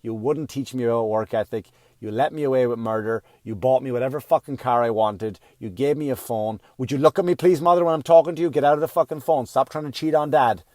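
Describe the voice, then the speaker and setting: A man's voice: mid-range voice, fast, dark tone, no echo, clean studio sound, lightly acted. A male comedian putting on an angry young millennial who scolds his parent with profanity, in a comic rant. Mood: accusing.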